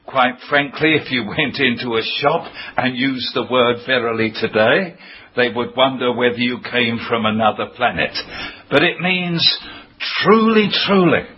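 A man preaching a sermon, emphatic and declaiming key phrases loudly. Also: mid-range voice, moderate pace, slightly rough. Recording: dull lo-fi sound with faint noise.

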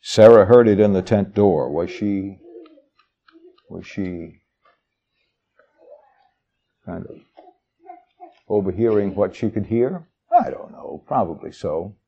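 A man's voice: lowish voice, slow pace, pauses often, mellow, muffled recording. A man preaching a sermon, reading scripture verses aloud and explaining them in a folksy, conversational way with asides to the congregation. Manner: reads verses aloud with shifting dramatic emphasis.

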